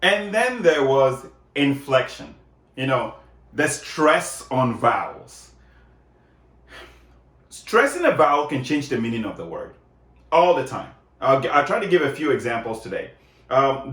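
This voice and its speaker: A man's voice: mid-range voice, very animated, a little slow, fairly bright tone. A man giving a casual, conversational lesson, often checking in with "right?" as he explains. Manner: conversational, many fillers and tag questions. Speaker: lecturer. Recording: echoey room.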